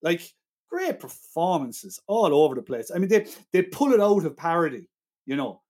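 A man's voice: a little high, very animated, normal speed, a little mellow. A man in casual film chat who praises the performances with enthusiasm and argues his side firmly. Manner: enthusiastic, argumentative.

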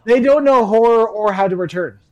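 High-voiced wisecracking man. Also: brisk, no echo, lo-fi sound. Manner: wisecracking, sarcastic. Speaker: podcast co-host. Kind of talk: casual movie watch-along chat.

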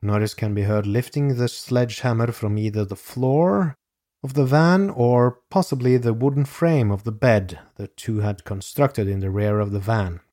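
A man reading a scripted true crime narration in a measured, grave way, as a podcast host. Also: medium pitch, fairly even intonation, warm tone, no room sound, studio quality.

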